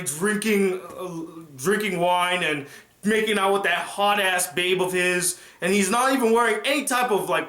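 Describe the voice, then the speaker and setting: Excitable man reviewing TV, high voice. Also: reverberant. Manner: animated, excitable retelling. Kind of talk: casual reaction review.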